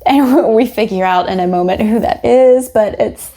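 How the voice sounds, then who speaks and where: Lively woman chatting about a book. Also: moderate pace. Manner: animated, acts out quotes with rising pitch and laughs. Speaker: podcast co-host. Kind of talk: casual book discussion.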